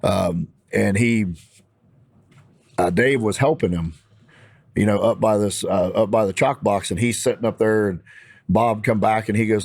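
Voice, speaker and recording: A man with a Midwestern American accent telling a story in a casual, animated, fired-up way. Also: fairly low pitch, moderate pace, vocal fry, pauses often, no echo. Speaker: podcast guest.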